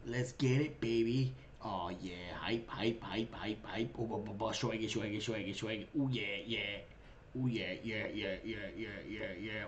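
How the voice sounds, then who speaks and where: A man's voice: fairly low pitch, steady tone, measured pace. A young man chats loosely while streaming a game. He sounds hyped and goofy, with plenty of swearing, over a faint background hiss. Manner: hyped, goofy, swearing, puts on a mock leprechaun voice. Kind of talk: casual gaming stream chat.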